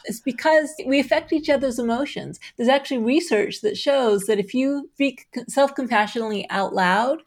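A middle-aged woman speaks in a slightly high voice, earnest and explanatory as she answers interview questions. She gets animated and laughs now and then. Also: normal speed, few pauses. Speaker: guest, self-compassion researcher. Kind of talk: conversational interview.

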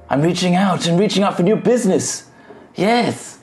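A woman's voice: lowish voice, animated, moderate pace, a little mellow, roomy sound. A woman playing a tabletop game in character as a spoiled rich elf, theatrical and melodramatic. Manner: theatrical, melodramatic, swooping delivery. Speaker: player. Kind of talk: in-character role-play as a wealthy elf.

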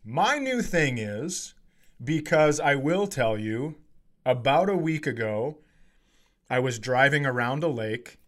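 A man in his forties, a comedian telling a story in casual chat, swearing and getting animated as he acts out a heated argument. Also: mid-range voice, slow. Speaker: comedian podcast co-host.

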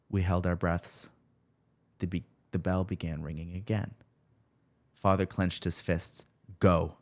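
Deep-voiced man narrating a horror story. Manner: slow, measured storytelling with shouted character lines. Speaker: podcast host reading a creepypasta.

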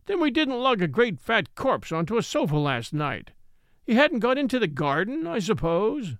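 A man's voice: high-pitched, big pitch swings, moderate pace, a bit bright, no room sound, studio quality, pitched above the performer's own voice, heavily acted. A man reading the part of a scornful, mocking man in an audiobook. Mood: taunting. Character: taunting scornful male secretary.

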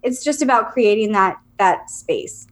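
A woman who works as a medium, chatting casually and telling a story with lively quoted voices. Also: mid-range voice, a little slow. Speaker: medium, podcast co-host. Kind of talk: casual chat.

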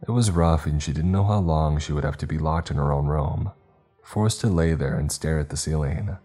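A man narrating a story in a steady, measured reading. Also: extremely low pitch, breathy edge. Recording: faint background music.

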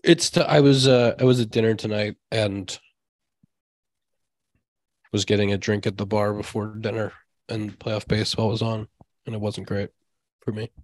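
Low-voiced man hosting a podcast. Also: fairly even intonation, moderate pace, pauses often, no room sound. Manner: reflective, downbeat about the season. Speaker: podcast host and baseball player. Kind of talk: casual chat.

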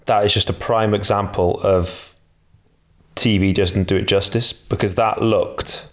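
A man's voice: fairly low pitch, steady tone, measured pace. A male podcast co-host giving enthusiastic opinions on cycling in a casual chat.

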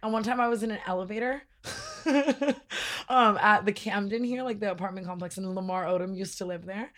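A woman's voice: mid-range voice, steady tone, fairly bright tone. A young woman co-hosting a podcast in casual chat, rambling through stories with lots of "like" and laughter. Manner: fast rambling storyteller, full of "like" and laughs. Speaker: podcast co-host.

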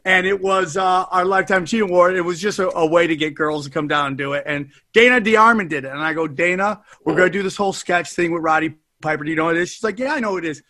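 A man with a high, bright voice hosts a podcast in loose, profane chat. He tells stories loudly and with a lot of animation. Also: fast, few pauses. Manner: loud, profane, animated storytelling. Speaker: podcast host. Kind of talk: casual podcast chat and host-read ad.

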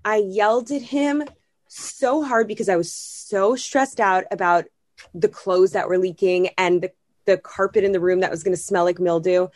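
A woman's voice: mid-range voice, darkish tone, no echo. Chatty woman co-host, dry close sound. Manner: chatty, peppered with "like", acts out inner voices. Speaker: podcast co-host. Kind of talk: casual chat.

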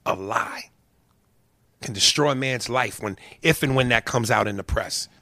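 A man's story comes out as a furious, foul-mouthed rant at a measured pace, veering between loud bursts and quiet muttered asides. The recording is dry.

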